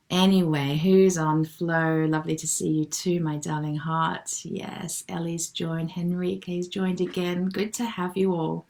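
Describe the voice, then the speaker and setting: Hosting a live wellbeing session online, this middle-aged woman tenderly reads out and responds to comments from viewers. She speaks low with a creaky vocal fry, addressing people fondly as "darling."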